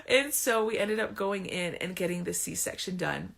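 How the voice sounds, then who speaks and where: A woman's voice: lowish voice, normal speed, gravelly, hardly any pauses, a bit bright. A woman in her thirties candidly telling a personal story to camera, chatty and emotional, laughing between sentences. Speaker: vlogger.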